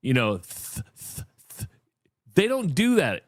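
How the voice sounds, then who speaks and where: A man's voice: on the high side, wildly swooping pitch, slow, no echo, clean studio sound. A chatty man co-hosting a radio show who reads ads and talks casually with many restarts. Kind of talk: casual radio chat and ad read.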